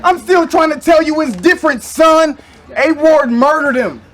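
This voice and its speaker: Man, battle rapper, very high voice, mocking, boastful. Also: normal speed, fairly bright tone. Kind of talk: live battle rap performance.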